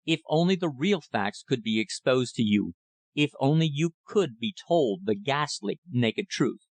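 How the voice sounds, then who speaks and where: A man voicing an older, thin-faced country rector with a slow clerical drawl and a cynical edge. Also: medium pitch, expressive, dry recording, close to an everyday voice. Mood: grave, warning.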